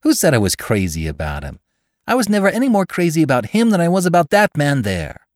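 A man's voice: on the high side, huge pitch swings, brisk, no echo, studio quality, pitched above the performer's own voice. A man reading aloud, voicing a bitter, scornful wife.

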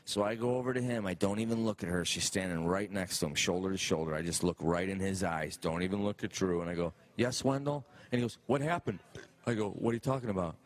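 A male comedian with a low, deep voice tells a long stand-up story. He keeps it animated and jumps into other people's voices as he acts out their lines. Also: fast, hardly any pauses.

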